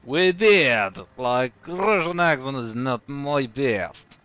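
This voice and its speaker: French guy casting a game stream, slow and chatty, voice jumps all over, answering chat between plays. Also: medium pitch, animated, bright, forceful tone, clear, resonant tone, dry recording, soft background music. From France. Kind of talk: casual live game commentary.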